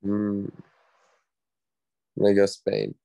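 A man's voice: lowish voice, monotone, takes it slowly, creaky, dark tone, no room sound. A man giving laid-back, brief answers as a guest on a casual football podcast.

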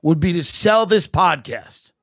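A man hosting a podcast, delivering a deadpan mock-patriotic comedy monologue. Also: high voice, unhurried, no echo, studio quality. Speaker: podcast host.

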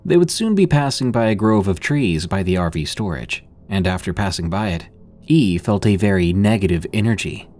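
Male horror narrator, lower register, calm measured delivery. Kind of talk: scripted narration.

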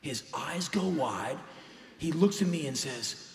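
A man's voice: fairly high pitch, lively intonation, slow, vocal fry. A man telling a story live on stage, intense and emphatic, acting out the dialogue. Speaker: spoken word performer. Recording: reverberant live hall recording.

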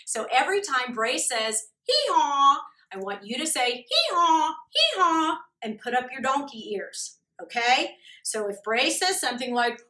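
A woman teaching a church preschool lesson, asking small children slow, encouraging questions. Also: a little high, animated, bright, forceful tone. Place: church room. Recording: echoey room, mic far off.

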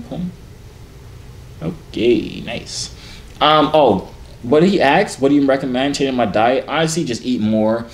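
A man hosting a casual reaction vlog, reading fan messages with playful, slangy, teasing asides. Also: fairly low pitch.

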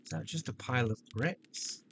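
A man's voice: mid-range voice, moderate pace, gravelly, background noise. A man giving playful, joking let's-play commentary on a shooter game. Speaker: gameplay commentator.

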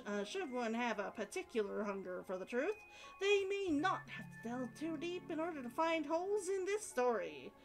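A woman's voice: on the high side, rough recording. A woman voicing an earnest female investigative reporter, with a formal, conspiratorial announcer delivery while reading game dialogue aloud.

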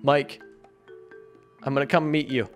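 A man hosting a multiplayer game video, chatting casually and excitably with his friends. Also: medium pitch, measured pace, faint music behind. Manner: excitable, chatty, frequent laughs. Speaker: gaming channel host. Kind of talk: casual gameplay chat.

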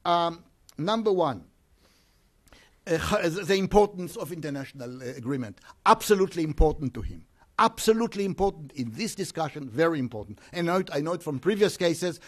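A man giving an academic conference talk, halting often with hesitations and restarts. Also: on the high side. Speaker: conference speaker.

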